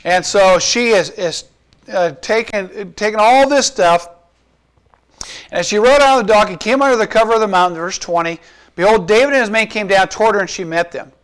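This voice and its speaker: A man's voice: sits high, fairly quick, a bit bright, smooth. A man giving a sermon, retelling and explaining a scripture passage in a conversational way with rhetorical questions. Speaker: pastor.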